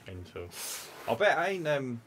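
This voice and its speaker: A man's voice: mid-range voice, very animated, moderate pace, a bit bright, a little hiss or hum. A man co-hosting a podcast, chatting in a laid-back way and swearing casually. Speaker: podcast co-host. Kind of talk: casual chat.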